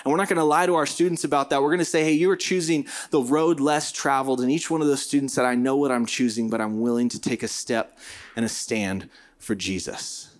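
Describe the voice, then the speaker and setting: A man's voice: mid-range voice, steady tone, fairly quick. A middle-aged male pastor preaching a sermon in an earnest, emphatic way, repeating phrases for stress.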